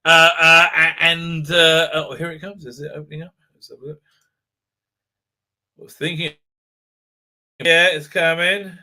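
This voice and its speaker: Middle-aged male livestream host, rambling storyteller, bright ringing tone. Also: on the high side, unhurried, long pauses. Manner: animated storytelling, many fillers and repeats. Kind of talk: rambling live-stream chat.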